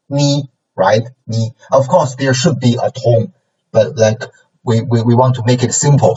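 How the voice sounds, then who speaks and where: A man, lecturing a language class in a halting way, full of fillers and repeated phrases, often checking in with "okay?" and "right?". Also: mid-range voice, darkish tone, husky. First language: Chinese. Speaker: Chinese language teacher. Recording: distant mic, dull lo-fi sound.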